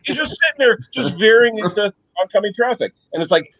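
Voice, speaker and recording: An older man from the United States telling lively anecdotes in casual chat, often checking in with a quick "okay?". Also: sits high, no echo, rough recording. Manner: animated storyteller, checks in with "okay?" tags. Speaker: guest on live chat.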